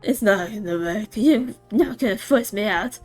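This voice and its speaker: A woman's voice: mid-range voice, moderate pace, a little mellow, faint music behind, natural voice. A woman reading as a blunt prickly girl. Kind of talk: reading game dialogue aloud.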